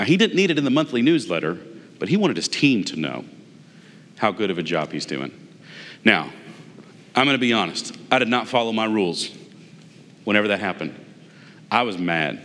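A man's voice: sits low, fairly bright tone, long reverb tail. A man giving a conversational leadership lesson to managers, telling a personal story and acting out bits of dialogue with emphasis. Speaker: management trainer.

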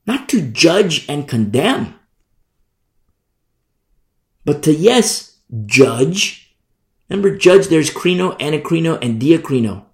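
A man's voice: a little high, sing-song, slow, pauses often, reverberant. A man preaching a sermon as a pastor, emphatic and conversational, driving points home through repetition.

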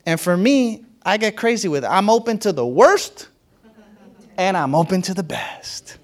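A man's voice: sits high, animated, normal speed. A man preaching a sermon as a pastor, in a conversational and playful way, often laughing and acting out what others said.

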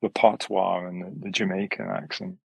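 Gravelly low-voiced man, thoughtful guest. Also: flat delivery, moderate pace, no room sound, low-quality recording. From Wales. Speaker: podcast guest, yoga teacher and musician. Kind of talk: relaxed conversational interview.

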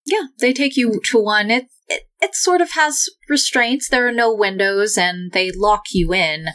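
A woman narrating a tabletop game as game master in a slow, atmospheric way. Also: medium pitch, a bit bright, low-quality recording.

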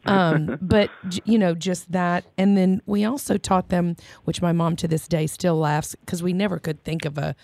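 A woman's voice: lowish voice, steady tone, normal speed, vocal fry, few pauses, a little mellow. A woman chatting casually about parenting, with lots of fillers and restarts and frequent laughter.

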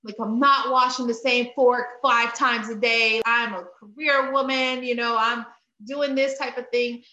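A woman in her thirties, appearing as an interview guest, speaks openly about faith and family, her voice on the high side and a little slow. She tells her story with animation, acting out her own past lines in a rising voice. The candid, faith-based conversation is captured lo-fi in an echoey room.

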